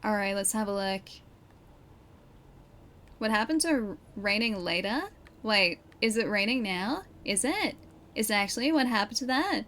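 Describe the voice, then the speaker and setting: A woman's voice: medium pitch, lively intonation, normal speed, long pauses, a bit bright. A young woman streamer chatting casually as she plays a game at her PC, reacting and laughing often. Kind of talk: casual live-stream gaming chat. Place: home room at her PC.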